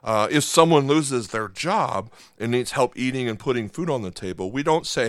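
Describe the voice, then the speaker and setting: A man's voice: mid-range voice, animated, normal speed, few pauses, no echo, studio quality. A man, a pastor, preaching a conversational sermon and checking in with his listeners. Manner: conversational, asks the congregation for agreement.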